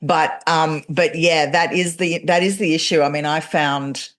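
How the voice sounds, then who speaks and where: A woman's voice: low voice, steady tone, measured pace, fairly bright tone. A woman hosting a podcast interview, her accent a blend of Australian and English. She is chatty and encouraging toward her guest, and she comes through on a video call. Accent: mixed Australian and English. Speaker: podcast host. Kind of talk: interview chat.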